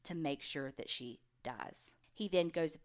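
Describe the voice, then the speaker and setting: Casting: woman, lower voice, casual true crime podcast host who narrates the case. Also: measured pace. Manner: retells the case and voices quoted people in brief bits.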